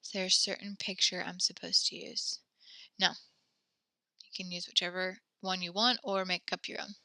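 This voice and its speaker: A woman teaching a French class over a video call, patient and encouraging, reading sentences slowly and praising her students. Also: fairly low pitch, little pitch movement, sharp tone, no echo.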